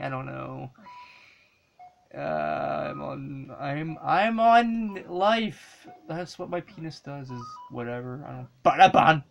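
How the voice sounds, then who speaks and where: A woman talks through a retro game with a lower voice that swoops widely up and down. She speaks slowly. She curses and yells at the screen as things go wrong. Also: vocal fry, slight background noise. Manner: excitable, swears and yells at the game. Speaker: let's play gamer. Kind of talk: casual gameplay commentary.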